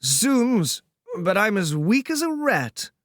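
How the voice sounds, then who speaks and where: A man's voice: high voice, very animated, slow, fairly bright tone, dry recording, clean studio sound, pitched above the performer's own voice, full character voice. A man voicing a foppish English nobleman who speaks in sleepy, drawly, affected tones and sounds weak and sore. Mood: weary drawl.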